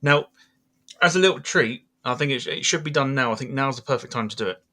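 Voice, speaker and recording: Bright-voiced podcast host. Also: male voice, mid-range voice, fast. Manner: chatty, laughs easily, many fillers. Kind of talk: casual chat.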